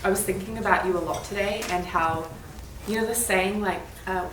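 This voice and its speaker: A woman's voice: medium pitch, normal speed. A woman telling a friend sincerely how much she cares about her. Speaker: friend giving a tribute. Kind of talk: heartfelt casual chat. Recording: echoey room, far mic, background noise.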